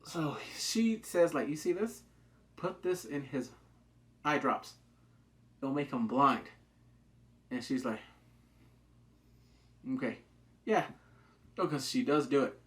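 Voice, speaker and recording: A man giving a casual, excitable recap of a TV drama, acting out the characters' lines in quick asides. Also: mid-range voice. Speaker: TV drama reviewer.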